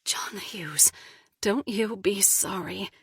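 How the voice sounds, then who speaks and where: A woman voicing another woman who speaks gently and soothingly as she comforts her husband. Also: mid-range voice, slow, vocal fry, husky, no echo, studio quality, exaggerated voice. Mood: tender.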